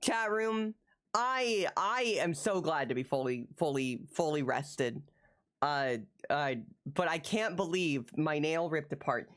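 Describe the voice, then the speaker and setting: A woman chatting casually with her viewers on a live stream, excitable and full of swearing, who repeats the same phrase again and again. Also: deep voice, takes it slowly.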